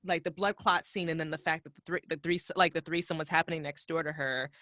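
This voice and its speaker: A woman's voice: low voice, steady tone, fast, bright, forceful tone, no room sound, studio quality. A woman hosting a casual podcast, rambling in slangy chat full of fillers. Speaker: podcast host.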